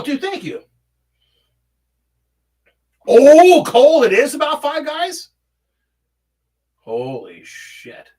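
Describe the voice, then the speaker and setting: A man's voice: mid-range voice, fairly bright tone. A man hosting a casual livestream from home, reading chat and rambling through stories, swearing a lot and humming filler syllables while he scrolls.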